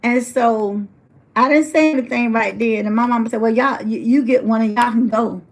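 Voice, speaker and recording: A woman's voice: on the high side, moderate pace. A woman telling a personal story in a motivational talk, acting out her family's words and speaking to people in the audience. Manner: animated storyteller acting out family quotes, addresses audience members.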